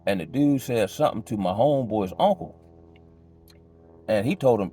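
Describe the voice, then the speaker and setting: Animated man telling a hard story. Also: moderate pace, soft background music. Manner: conversational, loose street slang, many restarts and "you know what I'm saying"; emotional, pitch jumps high when agitated. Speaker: storyteller giving a personal testimony. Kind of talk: casual spoken testimony.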